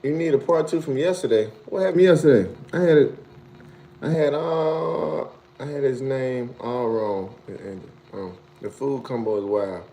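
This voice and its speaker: Unhurried and mellow, a man hosts a casual live stream, reading viewer comments in loose, slangy talk and laughing often. When he teases, his voice jumps to a high, incredulous pitch.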